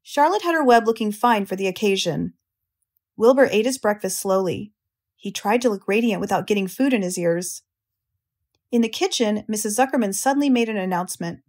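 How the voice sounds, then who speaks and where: A woman with an American accent reading a children's audiobook aloud in a clear, measured way for English learners. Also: mid-range voice, animated, darkish tone. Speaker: audiobook reader, English teacher.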